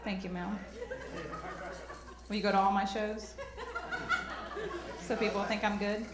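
A woman's voice: mid-range voice, little pitch movement, a little slow. A young woman with a Southern American accent doing a self-deprecating stand-up set, drawling and talking back to the crowd. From rural American South. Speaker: stand-up comedian. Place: comedy club stage. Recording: roomy club reverb.

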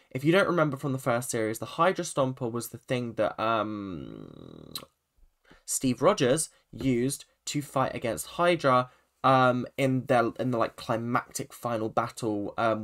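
A man's voice: medium pitch, fairly bright tone. A man giving a casual, rambling spoken review of a TV episode, full of restarts and asides. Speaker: TV review vlogger.

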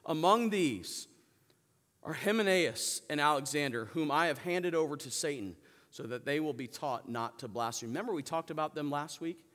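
A male pastor preaching a sermon, calling on the congregation to answer back and shifting between loud emphatic peaks and soft low asides. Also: long reverb tail. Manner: preaches with call-and-response to the congregation. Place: church sanctuary.

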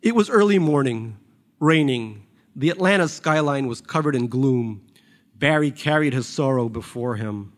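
A man's voice: mid-range voice, expressive, normal speed. Man reading his own novel aloud. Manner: dry, wry storytelling. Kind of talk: audiobook-style literary reading.

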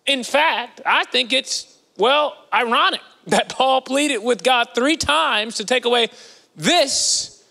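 A man with a strikingly high, bright voice delivers a sermon, chatty and playful, dropping slangy asides. His voice carries a gravelly edge and rings out with the long reverb of a big church hall. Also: unhurried. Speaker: preacher. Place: church sanctuary.

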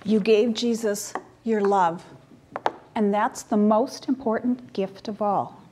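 A woman voicing a gentle young mother who speaks tenderly and comfortingly in a church children's story. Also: medium pitch, steady tone, takes it slowly, background noise, lightly acted.

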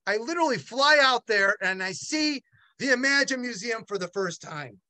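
Animated, halting male storyteller. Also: very high voice, no room sound. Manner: animated, acts out other voices in quotes; halting with repeated restarts. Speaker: gallery owner and art dealer. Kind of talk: personal storytelling.

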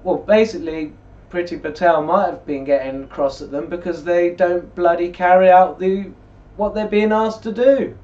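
A man with a fairly high voice gives a rambling, conversational commentary and reads scripture at a slower pace. He sits in a chair away from the microphone, and the recording sounds muffled and lo-fi. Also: fairly even intonation, darkish tone. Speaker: religious video blogger. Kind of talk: casual commentary and scripture reading. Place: indoors, seated in a chair. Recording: distant mic, dull lo-fi sound.

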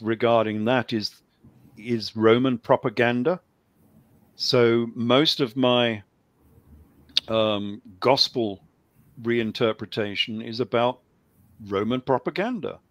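A man's voice: medium pitch, takes it slowly, pauses often, no room sound. A man talking on a call-in show, rambling with lots of ums and a dry humor. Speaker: guest author. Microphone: video call.

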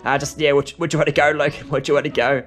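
Brief: young Aussie guy, higher voice, hesitant rambling player, light music under. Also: fairly even intonation, fast talker, fairly bright tone. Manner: rambling, hesitant, many restarts. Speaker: role-play player. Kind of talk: improvised game role-play. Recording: faint music behind.

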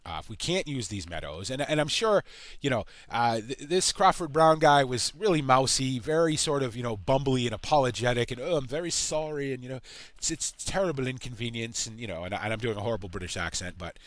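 An American man giving rambling let's-play commentary, halting and full of fillers. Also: mid-range voice, fairly bright tone, no room sound. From United States. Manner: halting, full of uh and you know. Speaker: gaming channel host.

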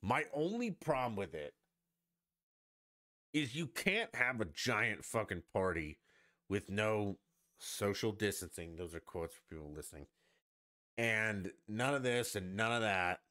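A man with a fairly low voice rants through a solo podcast, swinging his pitch widely as he goes. He talks in a profane, sarcastic and rambling way. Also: animated, a little slow, sharp tone. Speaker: podcast host. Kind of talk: ranting solo podcast monologue.

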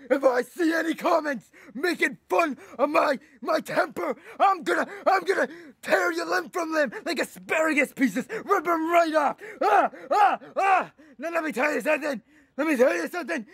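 A man's voice: extremely high pitch, gravelly, a bit bright, no echo, full character voice. A man playing a hot-tempered, boastful eighty-year-old food reviewer who rambles and rants, repeating himself as he goes. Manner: rambling, ranting, repeats "let me tell you something". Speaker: comedy YouTuber in character. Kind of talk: comedic character monologue.

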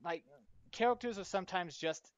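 A young man co-hosting a casual podcast chat, animated and swearing casually as he acts out quotes. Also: high-pitched, normal speed, smooth, no echo. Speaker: podcast co-host. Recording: dull, dry home mic.

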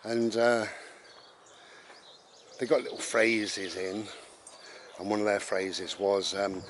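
A man's voice: lowish voice, fairly even intonation, slow, a little hiss or hum. A man, rambling bluntly and sarcastically in an opinion monologue while walking his dog outdoors, swearing casually. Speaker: vlogger.

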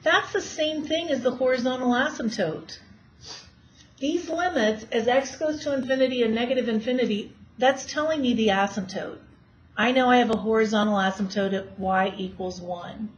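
In this lo-fi classroom clip, dull and faintly hissy, a woman math teacher quizzes students as she works problems in her lecture. She talks at a normal speed, her voice a little high.

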